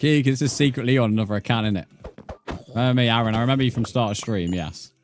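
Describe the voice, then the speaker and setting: A man's voice: mid-range voice, fast, faint music behind. A young man streaming a game live, bantering with his chat, swearing and laughing often. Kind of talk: casual live-stream chat while gaming.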